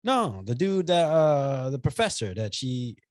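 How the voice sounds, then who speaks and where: Animated man in casual movie chat. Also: medium pitch, measured pace, dry recording, clean studio sound. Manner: animated, playful, acts out silly voices. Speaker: podcast co-host.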